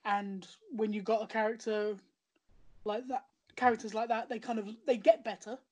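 A woman's voice: on the high side, flat delivery, normal speed, darkish tone. A woman chatting in a rambling way about a show she recommends, often restarting her sentences. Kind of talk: casual podcast chat.

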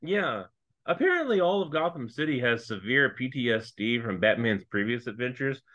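A man's voice: medium pitch, sing-song, moderate pace, bright, forceful tone, lo-fi sound. A man co-hosting a podcast, adding wry, joking commentary while recapping a TV episode. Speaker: podcast co-host. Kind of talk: casual chat recapping a TV episode.

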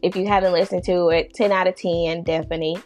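A woman hosting a podcast in casual chat, chatty and quick to laugh, drawing out her phrases. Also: fairly low pitch, level tone, a little mellow. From not from the US East Coast. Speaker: podcast host.

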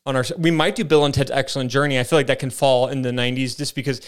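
A man's voice: medium pitch, steady tone, quick pace, clear, resonant tone. A man co-hosting a podcast, chatting casually and enthusiastically about movies and often restarting his sentences. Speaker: podcast co-host.

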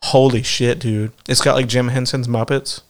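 A man in his thirties, mid-pitched, telling long winding stories on a podcast. He swears freely and laughs at his own tangents as he goes. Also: flat delivery, normal speed. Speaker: podcast co-host. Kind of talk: casual chat.

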